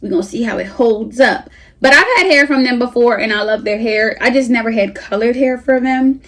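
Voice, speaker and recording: A woman's voice: fairly high pitch, brisk. A young woman, reviewing a wig in a casual vlog at home, chatty and hyped, a little out of breath. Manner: chatty, slangy, hyped and animated. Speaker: beauty vlogger.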